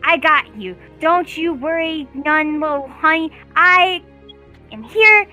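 A scatterbrained old shopkeeper woman, pitched high and piercing, as a woman game master puts her on. She speaks loudly in a folksy sing-song, then forgets who she is talking to. Her voice rings bright and sharp. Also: expressive, slow, soft background music, full character voice. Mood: dotty. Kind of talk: tabletop role-play voice.

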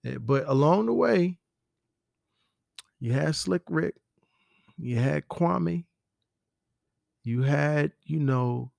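A man's voice: a little high, gravelly, no room sound, studio quality. A man hosting a podcast, talking in a rambling, profane, conversational way. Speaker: podcast host. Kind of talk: casual solo commentary.

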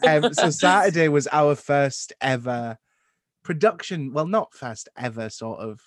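A man's voice: fairly high pitch, expressive, measured pace, no echo. Young Scottish male host, casual and laughing, dry close mic. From Scotland. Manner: chatty, laughs often, swears casually. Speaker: podcast host. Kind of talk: casual podcast chat.

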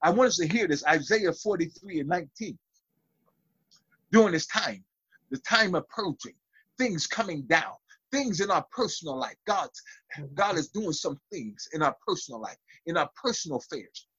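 A man's voice: sits high, pushed and bright, breathy edge, no echo, lo-fi sound. A man preaching a fervent sermon over a video call, building to call-and-response. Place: small room.

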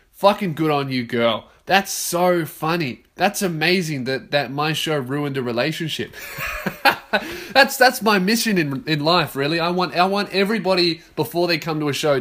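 A man's voice: fairly high pitch, a bit bright. A young man hosting a casual solo podcast, rambling and swearing, laughing at his own jokes. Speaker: podcast host.

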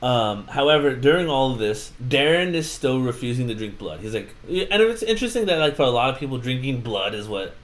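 A man's voice: medium pitch, sing-song, brisk, few pauses. A man on a casual podcast, animatedly retelling a book plot and acting out the characters' lines. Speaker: podcast host. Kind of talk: casual book-recap chat.

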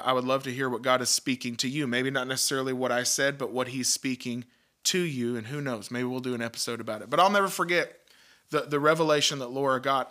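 A man's voice: mid-range voice, sharp tone. A man, hosting a devotional podcast in an earnest, emphatic way, often repeating words and restarting sentences. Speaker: podcast host, Christian teacher.

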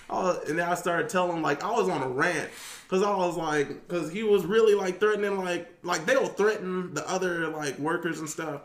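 A man's voice: fairly quick, echoey room. A man, a youth detention worker, telling a story in casual chat and acting out the quotes with big jumps in his voice. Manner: animated, acts out quotes with big pitch jumps. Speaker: guest.

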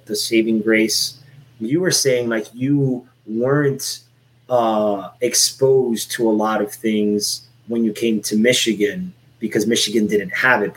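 A man's voice: on the low side, poor audio. A man in his forties from Miami, Florida, talking candidly and at length in a casual podcast chat, with lots of "like" and "you know" and some swearing. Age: 40s. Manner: candid, rambling, swears freely.

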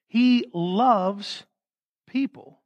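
Male pastor, high voice, emphatic sermon delivery with sudden soft drops. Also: drawn-out words. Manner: emphatic, swings from loud stresses to soft drops. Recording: reverberant hall.

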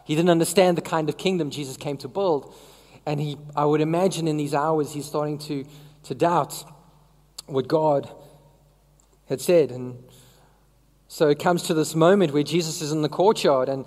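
A woman's voice: low voice, darkish tone, in a large hall. A woman preaching a sermon in a conversational way, often asking the congregation questions.

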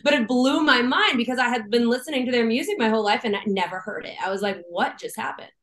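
A young woman from Boston, a guest musician chatting casually on a podcast, animated and quick to laugh. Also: fairly high pitch. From Boston, USA. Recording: roomy echo.

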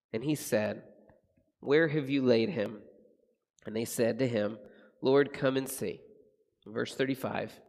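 A male pastor preaching a sermon at a slow, unhurried pace. His middle-pitched voice is earnest and reflective, dropping softer for the solemn phrases. The sound hangs in a long hall reverb.

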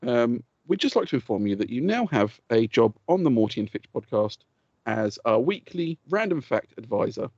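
A man's voice: medium pitch, sing-song, moderate pace, a little mellow, slightly rough, no room sound, dull audio. A man co-hosting a podcast, swearing freely and ranting in heated, laughing banter. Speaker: podcast co-host. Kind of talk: casual chat.

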